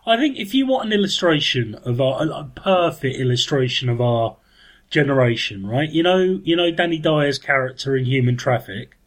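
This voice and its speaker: A man's voice: medium pitch, big pitch swings, normal speed. Wry, rambling podcast co-host, male. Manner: wry, rambling, self-mocking. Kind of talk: casual chat.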